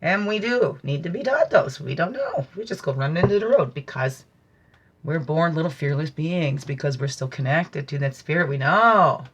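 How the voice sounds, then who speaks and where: A woman hosting a spiritual teaching talk, speaking in a meandering, reflective way with musing asides and slow, drawn-out emphasis on key phrases. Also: deep voice, expressive, breathy edge. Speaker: host.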